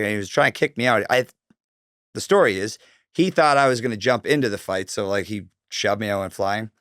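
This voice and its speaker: A Canadian man in his thirties tells a story in a loose, profane way, full of likes and ums. His voice sits a little low. The sound is dry and close, with no room around it. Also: fast talker, a bit bright, dry recording. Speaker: guest. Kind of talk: casual storytelling interview.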